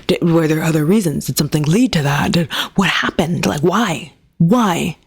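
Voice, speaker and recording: A man's voice: fairly high pitch, normal speed, gravelly, slightly rough. Woman reading as a flustered young ex-bully. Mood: pleading. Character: young man, pushy former bully.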